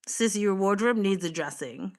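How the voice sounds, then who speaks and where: Chatty girl livestreaming, reads chat out loud, laughs, swears here and there. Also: mid-range voice, expressive, moderate pace. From Boston, USA. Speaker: livestream host. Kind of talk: casual livestream chat with viewers.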